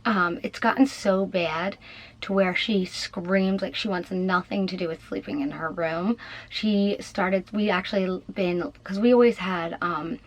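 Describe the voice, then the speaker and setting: A woman's voice: on the low side, measured pace, low-quality recording. A young adult woman telling a personal story to her channel in a casual way, with many fillers and a slightly shaky manner. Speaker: vlogger.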